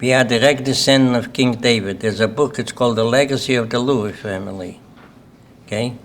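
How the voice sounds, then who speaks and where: A man's voice: medium pitch, a little fast, slight background noise. An older man from Lithuania with a Lithuanian accent, giving a plain-spoken personal testimony to an audience at a symposium and often checking in with "okay?". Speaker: Holocaust survivor speaker. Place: symposium hall.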